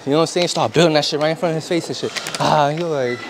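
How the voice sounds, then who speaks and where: A man's voice: fairly high pitch, very fast, background noise. A young man chatting casually in a gym between sets, slangy and profane, telling stories with laughs. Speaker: vlogger. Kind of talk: casual workout vlog chat.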